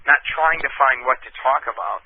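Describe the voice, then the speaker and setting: A man's voice: mid-range voice, brisk. A man co-hosting a radio show over the phone, talking in hesitant, casual chat. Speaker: radio co-host calling in. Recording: tinny phone line with faint hiss.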